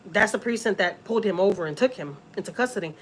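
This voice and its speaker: A woman's voice: medium pitch, fast talker, a little hiss or hum, low-quality recording. A middle-aged woman, rambling and emphatic as she tells a family story on a live stream. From Houston, Texas. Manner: rambling and emphatic, many "you know" and "like" asides, animated when voicing others. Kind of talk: casual storytelling.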